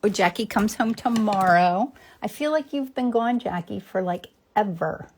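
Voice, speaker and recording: A woman in her fifties chats casually through a painting session, talking herself through each brushstroke and greeting her regular viewers. Her voice has a slight gravelly edge. At times she drops to a near whisper, and a faint hiss sits behind the audio. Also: mid-range voice, normal speed, a little mellow. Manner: chatty, thinks aloud, greets viewers by name. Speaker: painter hosting a live painting demo. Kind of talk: casual live-stream chat while painting.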